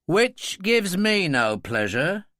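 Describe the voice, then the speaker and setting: A man's voice: high voice, sing-song, slow pace, pushed and bright, dry recording, studio quality, pitched above the performer's own voice, exaggerated voice. A man voicing a young man who speaks in a terse, resentful way. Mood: irritated. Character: young man, irritable and bitter.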